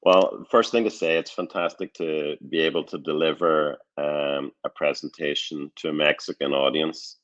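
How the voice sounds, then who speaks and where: A man's voice: extremely low pitch, fairly even intonation, normal speed, hardly any pauses, a bit bright, highs cut off. A man with a Northern Irish accent gives a friendly, enthusiastic academic talk over a video call, chatty and loose with restarts. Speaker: guest lecturer, crime researcher.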